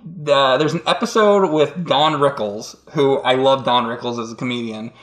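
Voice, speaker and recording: A man's voice: medium pitch, normal speed, fairly bright tone. A man co-hosting a casual chat, telling rambling stories with laughs and acted-out voices. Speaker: co-host. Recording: roomy echo.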